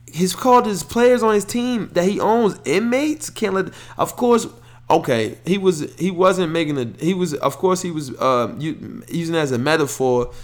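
A man hosting a podcast, giving loud, opinionated sports takes in casual slang. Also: on the high side. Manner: opinionated, animated rants with slang. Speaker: podcast host.

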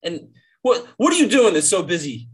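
A man's voice: high voice, very animated, moderate pace. A man co-hosting a podcast, chatting casually with a friend, teasing him with lots of swearing and laughter. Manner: teasing, profane, laughs often. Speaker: podcast co-host. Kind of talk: casual chat between friends.

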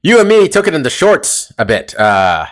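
A man's voice: fairly high pitch, huge pitch swings, moderate pace. Rambling, profane podcast guy. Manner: rambling, profane, uses lots of fillers. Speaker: podcast co-host. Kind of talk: casual chat. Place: California.

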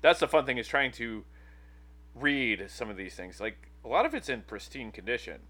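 A podcast co-host in his thirties chats casually in a mid-range voice that's very animated, pushed and bright, at a moderate pace. He rambles, full of fillers and restarts.

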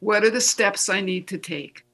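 Bright-voiced guest giving practical tips. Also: medium pitch, moderate pace. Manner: earnest, gives practical tips, acts out self-talk. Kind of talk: casual conversation.

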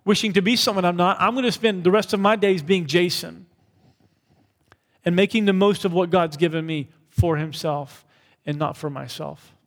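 A man preaching to his church in a loose, conversational way, often tossing in "right?" and "like". His voice sits fairly high for a man. Every word trails off into the long reverb of the hall. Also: moderate pace. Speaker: pastor. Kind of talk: sermon.

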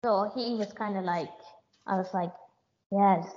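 An Irish woman, a jockey, talks through a casual interview, pausing often with fillers and restarting her sentences. The audio is muffled and lo-fi, with little top end. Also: medium pitch, a little mellow. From Ireland. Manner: hesitant, many fillers and restarts. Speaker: jockey, guest.

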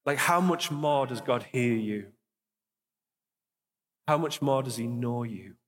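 A young male pastor preaches slowly in a church hall, his mid-pitched voice trailing a long, lingering reverb. Earnest and encouraging, he repeats key phrases for emphasis and leads the room in prayer in the same steady sermon manner.

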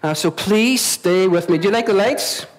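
A Northern Irish man with a high voice delivers a sermon to his congregation. He talks in a chatty way, repeating words and asking the room questions. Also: normal speed, rough recording. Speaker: pastor. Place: church venue before a congregation.

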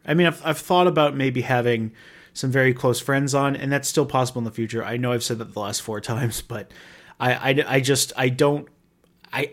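A man talks alone into the mic for his podcast in a loose, rambling monologue. He is wry and self-mocking and swears casually as he talks. His voice sits at an ordinary middle pitch. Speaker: podcast host.

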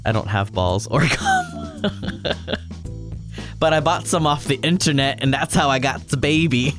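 This man co-hosts a podcast, speaking at a moderate pace in a mid-range voice while music plays clearly in the background. Chatting casually, he spins stories with animation and frequent laughter.

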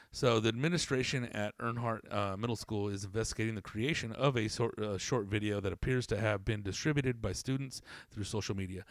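A man's voice: fairly low pitch, creaky, no room sound, clean studio sound. A man hosting a casual talk show, reading a news story aloud with stumbles and breaking off into profane, rambling commentary. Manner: rambling, swears a lot, reads aloud with stumbles. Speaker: podcast host reading news.

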